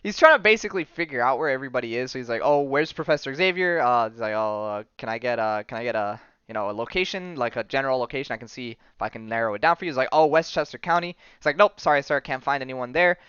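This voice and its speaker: A man's voice: medium pitch, animated, fast talker, few pauses, fairly bright tone, clear, resonant tone, dry recording, dull audio. A young man hosting a casual podcast, rambling through a comic book story with laughs and acted-out lines. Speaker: podcast host.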